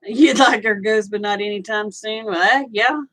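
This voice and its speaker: A woman's voice: medium pitch, normal speed, a bit bright, low-quality recording. An older woman, sleepy and yawning, chatting casually on a livestream and answering viewers' comments. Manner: drawling, chatty, reads viewer comments aloud. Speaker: livestream host.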